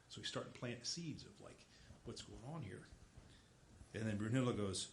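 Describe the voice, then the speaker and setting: A low-voiced man gives an informal lecture, retelling a story in a loose, rambling way. He fills pauses with "uh" and "you know" and keeps correcting himself as he goes. The recording sounds roomy and echoey, with a faint hiss underneath. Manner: rambling, filler-heavy, self-correcting. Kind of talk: casual lecture retelling an opera plot.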